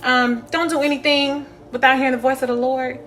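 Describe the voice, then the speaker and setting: A woman's voice: sits high, level tone, brisk, a bit bright, slight background noise. Profane, blunt young woman vlogging. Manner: blunt, profane, laughing often. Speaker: spiritual vlogger. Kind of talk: candid casual monologue.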